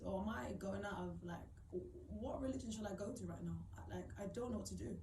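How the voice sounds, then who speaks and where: A woman's voice: mid-range voice, fairly quick, hardly any pauses, recorded from a distance, slight background noise. A young woman telling a painful personal story to camera, acting out what others said, close to tears. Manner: animated, acts out quoted people, many fillers. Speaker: vlogger. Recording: echoey room, voice off-mic.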